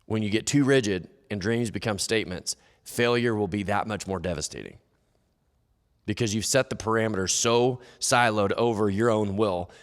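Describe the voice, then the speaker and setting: Low-voiced male pastor in reverberant hall. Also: normal speed. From United States. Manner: conversational, acts out quoted inner dialogue. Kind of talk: sermon. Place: church hall. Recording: long church-hall reverb.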